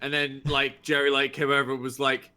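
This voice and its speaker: A man in casual chat, telling a story in a halting way full of fillers. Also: mid-range voice, monotone, bright, forceful tone, clear, resonant tone.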